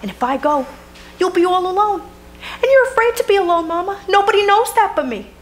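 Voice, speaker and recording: Actress as an eager childlike daughter: high, excitable, breathless. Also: female voice, a little fast, soft background music. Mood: firm. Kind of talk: community theater stage acting. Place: theater stage.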